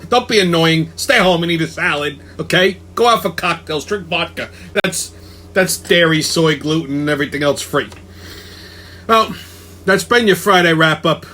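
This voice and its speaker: A man's voice: a little high, a bit bright, slight background noise. A man hosting a comedic rant, cursing and repeating himself for emphasis. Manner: profane, emphatic, repeats words. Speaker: host.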